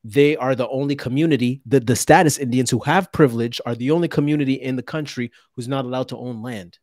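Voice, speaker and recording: A male podcast co-host with a mid-pitched voice speaks on a dry, close mic with no room around him. He talks in an animated, emphatic way. He throws out rhetorical questions and repeats words when he gets worked up. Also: quick pace, no echo. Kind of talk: podcast conversation.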